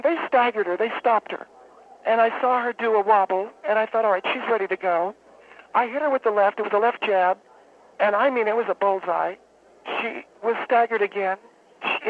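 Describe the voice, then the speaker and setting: A woman calling in to a radio show, telling a long story in a halting, rambling, deadpan way. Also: medium pitch. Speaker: radio caller. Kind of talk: phone-in storytelling. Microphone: telephone. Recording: tinny phone line with faint hiss.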